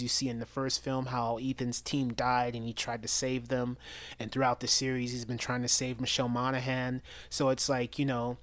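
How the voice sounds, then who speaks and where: A man's voice: medium pitch, no echo. Chatty man reviewing a movie, dry sound. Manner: chatty, enthusiastic, with frequent restarts and quoted lines. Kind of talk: casual spoken film review.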